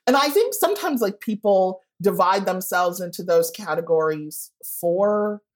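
A woman's voice: medium pitch, expressive, measured pace. A woman guest speaking frankly in a casual interview, often acting out what people said to her. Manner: frank and candid, acts out quoted voices. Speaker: guest author.

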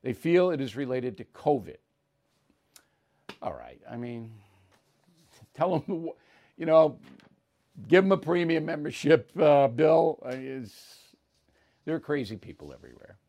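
A man's voice: on the high side, animated, normal speed, warm tone. A man hosting a talk show, reading listener mail and answering with blunt, opinionated retorts.

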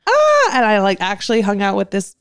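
A woman's voice: mid-range voice, huge pitch swings, fairly quick, clean tone, dry recording, clean studio sound. A young woman from California, chatting casually and bubbly as a podcast co-host, laughing often. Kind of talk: casual chat.

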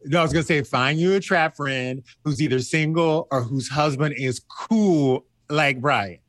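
A man co-hosting a casual chat, telling stories with lively, sassy energy and jumping into high voices to mimic friends. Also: a little slow, dry recording. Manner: animated storyteller, high mocking impressions of friends. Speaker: podcast co-host.

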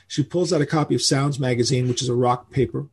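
An older rock musician from New York spins a long story in a casual interview. His voice is gravelly and a bit husky. He is lively and acts out the people he quotes. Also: medium pitch, quick pace.

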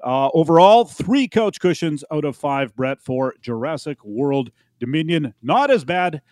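A man giving a casual movie review, relaxed and thinking aloud. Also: fairly high pitch, a little slow, no room sound.

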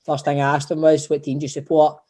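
A man's voice: a little high, monotone, fast talker, mellow. A Scottish man co-hosting a casual podcast chat, chatty and teasing. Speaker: podcast co-host.

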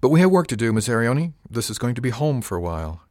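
A man voicing an older ship captain with a dry, measured and wry manner, in an audiobook. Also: medium pitch, big pitch swings, a little mellow, dry recording, voice pushed up, lightly acted.

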